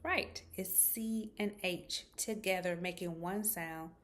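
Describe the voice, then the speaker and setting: Woman speech therapist, slow and patient delivery, over-articulates sounds for kids. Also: lowish voice, fairly bright tone. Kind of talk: children's speech lesson.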